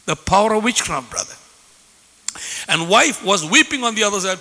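Fiery male pastor mid-sermon, bright, piercing tone with a gravelly edge, echoing in a hall. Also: high voice, wildly swooping pitch, moderate pace, pauses often. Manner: impassioned, fervent, bursts into shouting.

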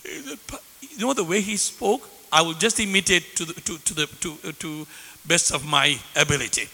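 Fiery male pastor mid-sermon, bright, piercing tone with a gravelly edge, echoing in a hall. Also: on the high side, brisk. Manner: impassioned, fervent, bursts into shouting.

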